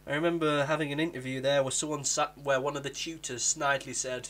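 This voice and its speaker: A young man from England casually reviewing a TV episode, animated and acting out characters with sudden jumps in pitch. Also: quick pace, few pauses. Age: young adult.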